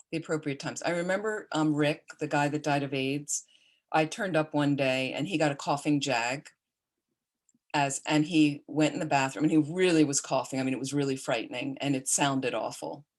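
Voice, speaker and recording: Low-voiced woman giving a Dharma talk. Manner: conversational storytelling with fillers; gentle, reflective dedication. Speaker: Buddhist teacher.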